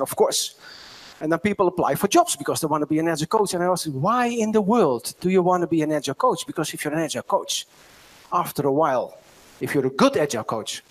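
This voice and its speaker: Man, Dutch accent, high voice, middle-aged, keynote storyteller. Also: a bit bright. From Netherlands. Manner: storytelling, asks the audience "right?" often. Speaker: keynote speaker. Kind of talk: conference keynote talk.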